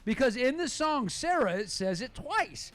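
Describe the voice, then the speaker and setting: A man's voice: very high-pitched, very animated, moderate pace, a bit bright. A man hosting a live sports talk show, playful and rambling as he jokes and reads out viewer comments.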